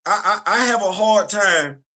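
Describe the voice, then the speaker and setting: Guy with ranting about fandom stuff, bright edgy voice, kinda high, repeats himself for emphasis. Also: unhurried. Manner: emphatic, repeats phrases for effect. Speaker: commentary channel host. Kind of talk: casual opinion commentary.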